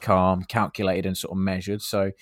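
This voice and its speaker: A man's voice: low voice, level tone, normal speed, no room sound. A man co-hosting a podcast, chatting eagerly about films and acting out lines from them. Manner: enthusiastic, acts out film lines. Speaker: podcast co-host. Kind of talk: casual film chat.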